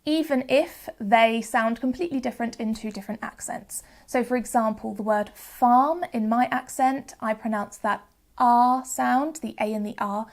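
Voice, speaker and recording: Woman, Southern English accent, phonics teacher, slightly high voice, clear careful sounding-out. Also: moderate pace. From Southern England. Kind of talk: educational video presenting.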